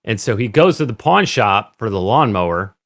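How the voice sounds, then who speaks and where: A man's voice: on the low side, sing-song, moderate pace, a bit bright. A man co-hosting a casual movie discussion podcast, retelling scenes with quoted voices and frequent laughter. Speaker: podcast co-host.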